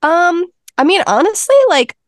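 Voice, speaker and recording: A woman's voice: very high voice, expressive, normal speed, no echo, clean studio sound. A woman being interviewed as a healing counselor, telling stories in an earnest, chatty way. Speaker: Ayurveda health counselor and intuitive healer, interview guest. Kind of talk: casual interview chat.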